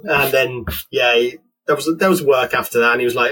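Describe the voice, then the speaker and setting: A man, a penetration tester telling work stories in a casual interview, animated and acting out the dialogue. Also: mid-range voice, quick pace, hardly any pauses, husky, low-quality recording. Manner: animated, acts out dialogue in quotes, laughs.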